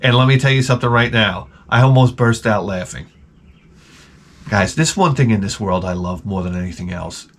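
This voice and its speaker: A man hosting his own channel tells a rambling, profane comic story and acts out the people in it. His voice is lowish and his speed normal.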